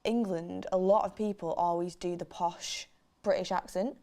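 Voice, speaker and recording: A woman with a Mancunian accent chats casually while co-hosting a football watchalong. Her voice is gravelly with a lot of fry, and it is going hoarse. She talks in a chatty way and is quick to stand up for her own accent. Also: fairly low pitch, fairly even intonation, warm tone. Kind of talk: casual chat.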